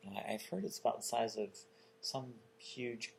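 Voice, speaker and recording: Gravelly-voiced man hosting an interview. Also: medium pitch, normal speed, slight background noise. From North Carolina. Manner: relaxed, chatty, joking asides. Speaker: interview host.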